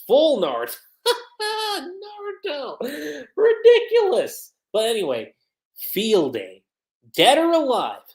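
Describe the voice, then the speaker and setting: Animated streamer chatting in an echoey room. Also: medium pitch. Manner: chatty and animated, with frequent fillers. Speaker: host reviewing a manga chapter. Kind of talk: casual livestream review. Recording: roomy echo.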